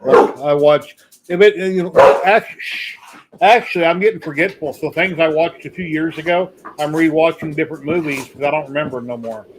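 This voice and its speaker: A man's voice: on the high side, moderate pace, noisy background. A man hosting a casual maker livestream, telling rambling stories. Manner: rambling storyteller. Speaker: podcast host.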